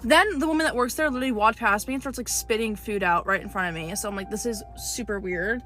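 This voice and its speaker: A woman telling a storytime clip to her viewers, indignant and animated. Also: fairly high pitch, quick pace, faint music behind.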